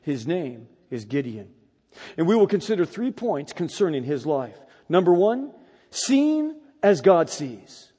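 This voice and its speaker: Middle-aged preacher guy telling a story, high-ish voice, dark husky tone, long hall echo. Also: measured pace. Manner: animated storytelling, rising to loud emphatic peaks. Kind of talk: sermon with personal story.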